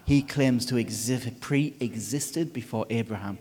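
Chuckling, animated male preacher. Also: mid-range voice, measured pace. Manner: chatty and animated, often chuckling. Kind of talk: conversational sermon on a scripture reading.

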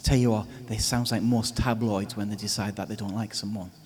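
Chuckling, animated male preacher. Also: fairly low pitch, fairly quick. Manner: chatty and animated, often chuckling. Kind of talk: conversational sermon on a scripture reading.

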